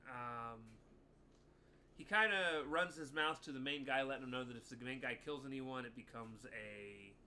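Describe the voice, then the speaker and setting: A man walks through an episode's plot beat by beat on a podcast, with plenty of ums along the way. His voice is bright and forceful, and faint background noise sits under it. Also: mid-range voice, moderate pace. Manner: plot-summarizing, steady, many ums. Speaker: podcast co-host. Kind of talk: casual episode recap.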